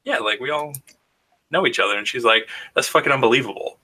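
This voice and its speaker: A man's voice: mid-range voice, quick pace. A man co-hosting a podcast, telling stories in casual chat and acting out the voices he quotes. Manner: animated storyteller, acts out quoted voices. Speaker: podcast co-host.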